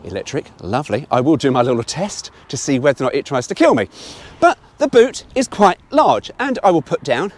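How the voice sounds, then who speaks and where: A middle-aged man talks his way around a car in a casual, opinionated review. His voice sits slightly high for a man and swings widely in pitch. He is frank, chatty, and swears now and then. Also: big pitch swings, a little fast.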